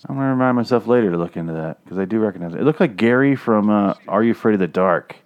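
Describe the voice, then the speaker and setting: A lowish male voice races along in animated, lo-fi audio, offering rambling, vulgar, sarcastic commentary as a movie plays behind him.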